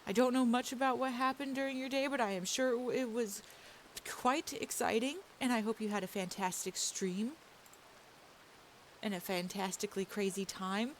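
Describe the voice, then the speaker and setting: A woman's voice: fairly high pitch, steady tone, moderate pace, natural voice. A woman playing a gracious young woman writer, formal phrasing, faint hiss.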